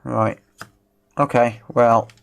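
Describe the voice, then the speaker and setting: Man, Black Country accent, mid-pitched, easygoing joking live-stream repair chat. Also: steady tone, extremely slow, gravelly. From England, West Midlands (Dudley). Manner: chatty and joking, answers viewers' chat. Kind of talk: casual live-stream commentary while repairing. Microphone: rechargeable wireless microphones.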